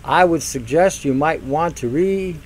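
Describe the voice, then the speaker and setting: An older man hosts a radio talk show, ranting through a mocking monologue, acting out silly voices and laughing at his own jokes. His voice is fairly high and his pace is normal, though the recording is rough.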